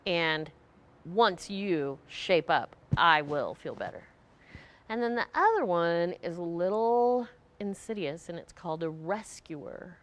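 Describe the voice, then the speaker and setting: A woman's voice: fairly low pitch, animated, slow pace. A woman leading a group, giving a conversational motivational talk and acting out short quoted voices. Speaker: group leader.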